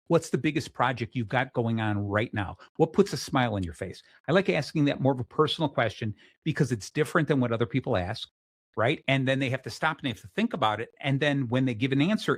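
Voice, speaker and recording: A middle-aged man hosting a casual interview show, energetic and full of restarts, acting out the people he quotes. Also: mid-range voice, dry recording, clean studio sound. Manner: restarts often. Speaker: podcast host.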